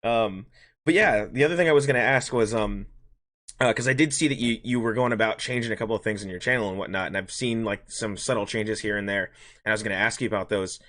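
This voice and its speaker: A man's voice: fairly low pitch, a bit bright. A man hosting a podcast, rambling through a work story in casual chat and acting out both sides of the dialogue. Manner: fast, rambling anecdote with acted-out dialogue. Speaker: podcast host.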